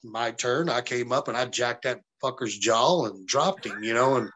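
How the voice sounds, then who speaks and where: A man from the American South tells wrestling stories in a loose, profane way, jumping into the voices of people he quotes. His voice sounds bright and forward. The pitch sits in a middle range. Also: normal speed. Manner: profane, animated storyteller acting out quotes. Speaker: wrestling guest. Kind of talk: casual storytelling interview.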